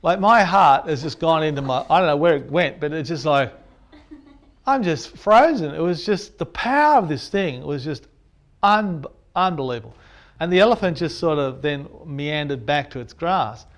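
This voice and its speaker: A photographer telling an animated anecdote, acting out the sounds and his own reactions as he goes. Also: fairly high pitch, normal speed. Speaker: landscape photographer. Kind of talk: storytelling anecdote.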